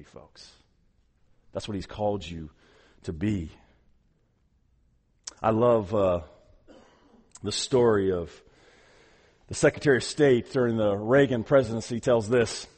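A man preaching a sermon as pastor, earnest, often repeating words and swinging from loud to hushed. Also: medium pitch, long reverb tail.

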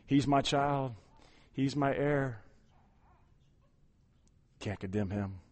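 A man voicing Jesus as a calm, reassuring male figure who speaks up for a believer. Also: medium pitch, extremely slow, voice pushed down. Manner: soft, gentle and steady.

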